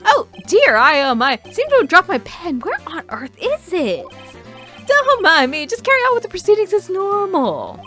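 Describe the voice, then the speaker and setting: A woman voicing a timid, flustered elderly male judge who stammers nervously in a high voice. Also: wildly swooping pitch, moderate pace, bright, forceful tone, faint music behind, exaggerated voice.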